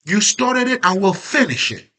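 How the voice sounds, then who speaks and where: Emphatic, bright-voiced man venting. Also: high-pitched, big pitch swings, normal speed. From Haitian background. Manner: emphatic, swearing, rhetorical questions. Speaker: self-growth vlogger. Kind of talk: casual spoken monologue.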